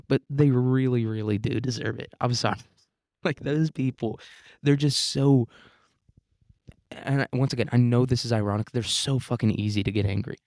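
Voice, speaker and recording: A man's voice: mid-range voice, gravelly, a little mellow, dry recording, clean studio sound. A man hosting a solo podcast, talking casually in a rambling, profane, self-mocking way and laughing often. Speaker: podcast host.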